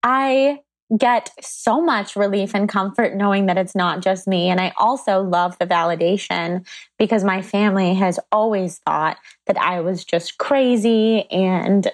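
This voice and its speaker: A woman hosting a podcast in casual chat, telling stories with lively voiced reactions. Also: mid-range voice. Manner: animated, storytelling with voiced reactions. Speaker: podcast host.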